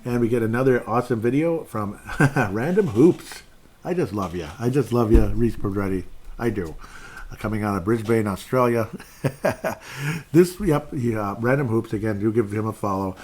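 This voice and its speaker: Male podcast host, lower register, loose and chatty, reads fan comments on air. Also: animated, normal speed, darkish tone. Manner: rambling, chatty, reads fan posts aloud. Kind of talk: casual solo sports podcast.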